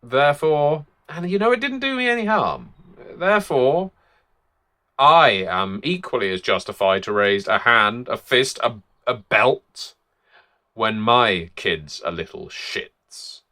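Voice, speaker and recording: A man's voice: fairly low pitch, lively intonation, slow pace, pushed and bright, full character voice. A man voicing a harsh, abusive mother who defends herself in sudden rising jumps. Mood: bitter.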